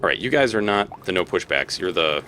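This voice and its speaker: A man's voice: low voice, lively intonation, a little fast, sharp tone, a little hiss or hum. A young man casually commenting on his own gameplay as a let's play host, thinking aloud and laughing often.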